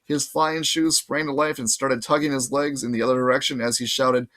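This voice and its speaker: A man reading a novel aloud in casual, lively first-person narration. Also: mid-range voice, a little fast, hardly any pauses. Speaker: audiobook reader.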